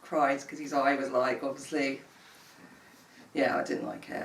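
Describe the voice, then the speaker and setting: A woman with a deep voice speaks softly and emotionally about her son. She is recorded from a distance in an echoey room with faint noise. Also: flat delivery, moderate pace, pauses often. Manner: emotional, soft-spoken. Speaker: boxer's mother. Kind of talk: documentary interview.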